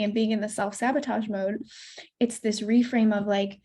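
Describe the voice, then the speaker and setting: A woman's voice: medium pitch, level tone, normal speed, dark tone. A woman in her thirties teaching a course module on attachment, talking candidly and swearing casually. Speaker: coach.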